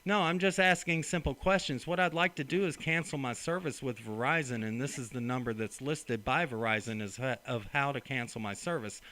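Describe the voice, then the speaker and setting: A man's voice: medium pitch, brisk, hardly any pauses, bright, forceful tone. A man angrily demanding help on a customer service phone call, sarcastic and confrontational. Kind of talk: heated phone complaint.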